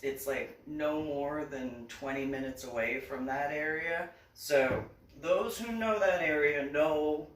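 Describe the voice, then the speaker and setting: Chatty woman in a roomy echo. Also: low voice. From New Jersey. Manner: chatty, laughing often, acting out dialogue. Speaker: vlogger. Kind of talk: casual storytelling monologue. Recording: roomy sound, distant mic.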